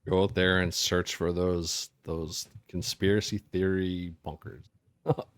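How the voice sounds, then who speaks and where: A man's voice: low-pitched, level tone, unhurried, no echo, clean studio sound. A man running a tabletop game as game master, asking his players easygoing questions.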